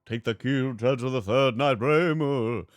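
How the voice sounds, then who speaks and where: A man's voice: mid-range voice, moderate pace, dry recording, voice pushed up, lightly acted. A man reading out a solemn male knight's lines in a formal, declaiming voice. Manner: formal, declaiming game dialogue aloud. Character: solemn male knight guarding a sealed island.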